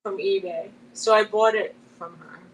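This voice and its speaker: A woman's voice: medium pitch, steady tone, normal speed, breathy edge, rough recording. A woman co-hosting a live chat with a friend, telling rambling stories full of restarts and laughing often mid-sentence. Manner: rambling, chatty storytelling with many restarts. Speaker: co-host of a live chat show. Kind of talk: casual chat between friends.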